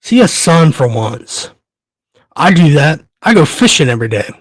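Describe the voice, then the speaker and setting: A man's voice: on the high side, very animated, normal speed, slightly rough, no room sound. A man, hosting a podcast, ranting in anger, swearing hard and stumbling over repeated words, shaking with rage. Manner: profane, heated, stammering. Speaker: podcast host. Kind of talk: angry ranting commentary.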